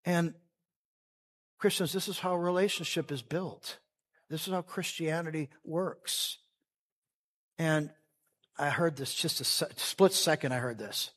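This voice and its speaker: A man preaching a sermon with fervor, his voice sitting a little high for a man. He swings from loud, passionate stretches to quiet, earnest ones. He acts out the characters of a parable in their voices. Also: a little slow, pauses often. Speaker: pastor.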